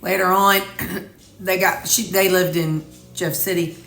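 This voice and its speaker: A woman's voice: fairly low pitch, fairly even intonation, measured pace, fairly bright tone, echoey room, soft background music. A woman with a Missouri accent, chatting casually and rambling folksy as she vlogs from her home kitchen. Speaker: vlogger. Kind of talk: casual chat.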